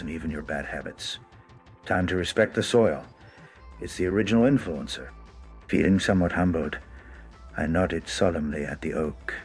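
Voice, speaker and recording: A man with a very low voice narrates a first-person story in a wry, amused tone. The delivery is scripted storytelling, with faint music behind him. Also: husky.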